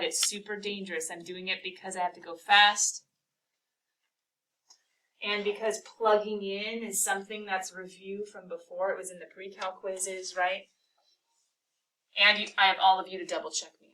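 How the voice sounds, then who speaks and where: A woman teaching a calculus class, talking through a problem and firing quick questions at her students. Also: mid-range voice, sharp tone, distant mic, rough recording. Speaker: math teacher.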